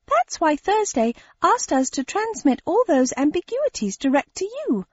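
A woman voicing a misshapen shape-changing creature with a shrill, plaintive manner. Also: very animated, unhurried, no echo, highs cut off, full character voice. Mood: pleading.

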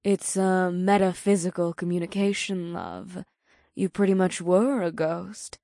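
A woman's voice: fairly low pitch, expressive, measured pace, warm tone, dry recording. A woman playing an unflustered, worldly succubus in an audiobook, tossing off dry remarks. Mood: wry. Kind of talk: audiobook character voice.

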